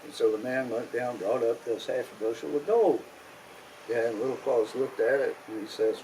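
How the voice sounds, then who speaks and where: A man with a Kentucky accent telling a folk tale in a drawling, unhurried style with rural grammar. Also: mid-range voice, warm tone, a little hiss or hum, low-quality recording. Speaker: storyteller. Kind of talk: oral folk storytelling.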